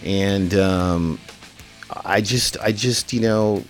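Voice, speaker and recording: A male show host speaking straight to camera in a live stream, earnest and halting, with many restarts. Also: fairly low pitch, fairly even intonation, soft background music. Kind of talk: emotional address to camera.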